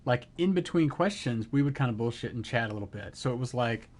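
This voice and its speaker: A middle-aged man streaming live, telling an excited story in casual chat and acting out the quotes. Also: medium pitch, fairly quick.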